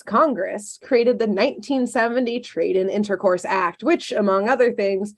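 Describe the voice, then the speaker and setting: Gravelly-voiced woman telling history, sarcastic. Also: medium pitch, moderate pace, few pauses. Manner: sarcastic asides, many ums and uhs. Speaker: podcast co-host telling a history story. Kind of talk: casual storytelling chat.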